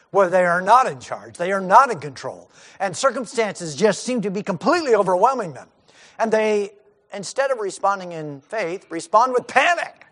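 A man's voice: high-pitched, a bit bright. A middle-aged male pastor giving a sermon in a conversational way, acting out the lines of the disciples.

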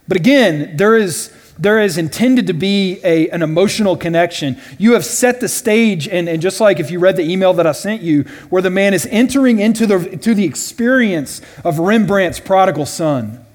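Slightly high-voiced man teaching in a reverberant hall. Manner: conversational, with frequent "right?" and "all right?" check-ins; acts out quoted lines loudly and dramatically. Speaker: Bible study teacher. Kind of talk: informal classroom teaching. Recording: long reverb from a large hall.

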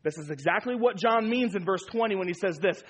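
A man's voice: high voice, expressive, brisk, breathy edge. A man preaching a sermon as pastor, emphatic and repeating key phrases for weight.

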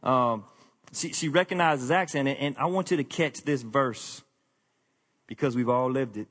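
A man preaching a conversational sermon to his congregation, candid and self-deprecating, often sinking into a quiet, confessional tone. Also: medium pitch, normal speed. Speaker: pastor.

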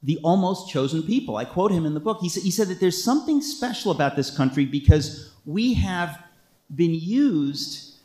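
A man's voice: fairly high pitch, lively intonation, normal speed, darkish tone. Emphatic man in an echoey room. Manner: impassioned, emphatic, with frequent restarts. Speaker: author answering a question. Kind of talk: talk with audience Q&A.

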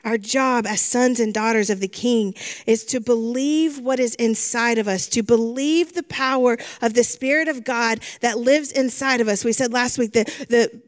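A middle-aged woman pastor giving a sermon in an earnest way, repeating phrases for emphasis. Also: on the high side.

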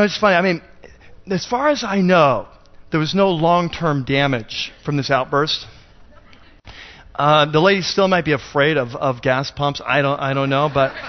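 A male pastor telling a self-deprecating story in a rambling, conversational sermon. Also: a little high. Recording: dull lo-fi sound.

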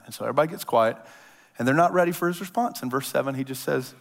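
A man preaching a sermon in a casual, animated storytelling manner, acting out voices as he tells the story. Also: medium pitch, racing. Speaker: pastor. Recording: long hall reverb.

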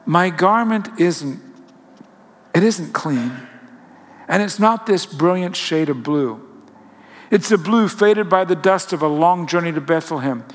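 A man voicing a frightened, lonely teenage mother who pleads softly, her voice breaking. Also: on the high side, close to an everyday voice. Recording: long hall reverb.

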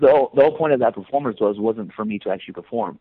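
A man's voice: on the low side, animated, racing, no echo. A man talking about his music in a casual phone interview, defensive and swearing freely. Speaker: musician guest. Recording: tinny phone line, dry.

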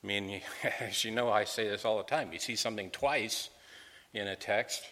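Bright-voiced preacher in a reverberant hall. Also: male voice, on the low side, moderate pace. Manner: earnest expository preaching, repeats words when restarting. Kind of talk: sermon.

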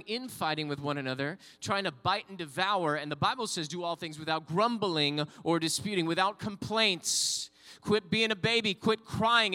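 A man preaching a sermon from the pulpit, his voice pitched high and bright. He rises to fervent calls and call-and-response with the congregation. A long reverb hangs on every line. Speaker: pastor.

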